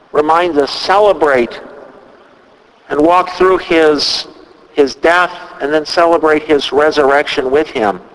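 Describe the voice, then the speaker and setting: A man preaching a sermon, retelling a scripture story at a measured pace and quoting its dialogue. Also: on the high side, a bit bright, big-room sound, low-quality recording. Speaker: pastor. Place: church.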